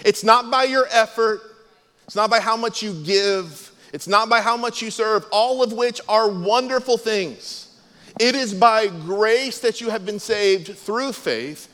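A man preaching a sermon as pastor, earnest and emphatic, often dropping to a soft, low voice. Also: unhurried. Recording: long hall reverb.

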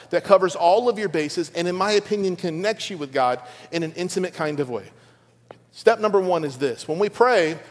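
A middle-aged man preaching a conversational sermon to his church, with playful asides to the congregation. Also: high-pitched. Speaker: pastor. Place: large church auditorium. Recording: long church hall reverb.

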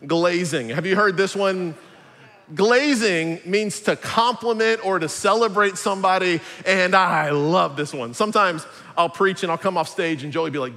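A pastor, preaching an upbeat, jokey sermon. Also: male voice, sits high, normal speed, sharp tone, big-room sound. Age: 40s.

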